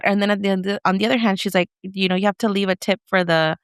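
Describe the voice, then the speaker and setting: Blunt female podcast co-host, smooth voice with vocal fry, candid banter, dry close mic. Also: mid-range voice, fairly even intonation, fast, hardly any pauses, no echo. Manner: blunt, laughing, mixes in Spanish. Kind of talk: casual chat.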